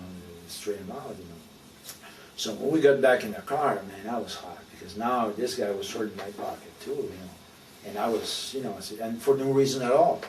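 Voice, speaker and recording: A man's voice: mid-range voice, darkish tone, a little hiss or hum. An older man telling blunt, profane wrestling stories in a shoot interview, leaning on "you know" throughout. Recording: echoey room, mic from a distance.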